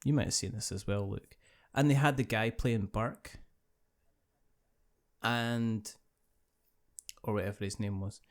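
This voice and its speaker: A man's voice: lowish voice, fairly even intonation, measured pace, pauses often. A man hosting a podcast in casual chat over a meal, rambling and laughing often. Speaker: podcast host.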